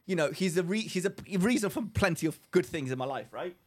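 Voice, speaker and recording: High-voiced and quick, a young man co-hosting a podcast relates a story in casual banter. He's an animated narrator who voices the people he's quoting.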